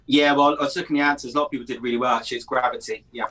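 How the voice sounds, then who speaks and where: A man's voice: mid-range voice, steady tone, racing, sharp tone. A British man co-hosts an online pub quiz in a laid-back, chatty way. His voice has a slight husk to it. He makes dry, wry remarks. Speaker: quiz co-host. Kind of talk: casual online quiz chat.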